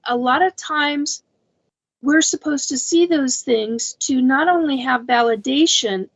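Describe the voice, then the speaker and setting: A woman with a high voice talks emphatically, often repeating words as she works through her thoughts. Her part in the casual podcast discussion sounds dull and lo-fi. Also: measured pace. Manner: emphatic, repeats words while thinking aloud. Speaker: paranormal podcast co-host.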